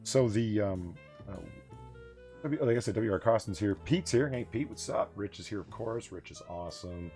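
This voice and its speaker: A man's voice: on the low side, moderate pace, dark tone, faint music behind. A man hosting a casual late-night livestream chat, rambling and swearing, laughing often. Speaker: livestream host of a late-night bar hangout.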